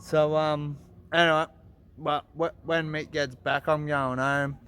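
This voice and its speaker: Young Australian man, car vlogger, casual and unhurried, fairly high, clear voice, heavy swearing. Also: little pitch movement, fairly bright tone, big-room sound, a little hiss or hum. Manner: laid-back, swears heavily when frustrated. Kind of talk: casual garage vlog.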